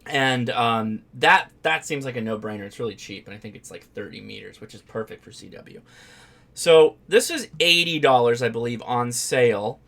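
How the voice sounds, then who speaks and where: A man's voice: medium pitch, lively intonation, normal speed, vocal fry, sharp tone. A man hosting a ham radio live stream, chatting casually and rambling with fillers and restarts.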